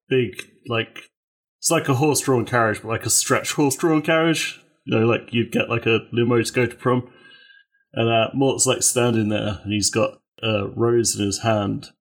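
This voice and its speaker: A man playing a tabletop role-playing game, narrating his character's actions in a loose, rambling way. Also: medium pitch. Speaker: player.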